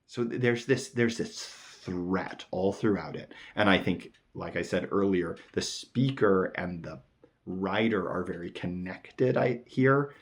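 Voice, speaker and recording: A man hosting a poetry show, explaining a sonnet in a casual, thoughtful way and reading lines of verse slowly. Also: low voice. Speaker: poetry podcast host.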